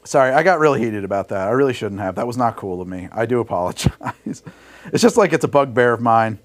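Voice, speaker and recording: Making drinks on a livestream, a man keeps up a rambling, heated chat, laughing often and swearing freely. He speaks quickly and animatedly at a medium pitch into a studio mic run through a mixer rig.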